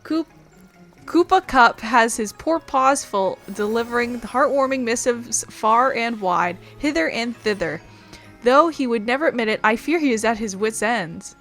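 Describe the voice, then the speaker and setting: Woman reading a flowery courtly noblewoman for a game, fairly high voice, faint music behind. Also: expressive, measured pace, a bit bright. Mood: grand. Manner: flowery, theatrical, old-fashioned speech. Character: grand courtly noblewoman, an emissary of love.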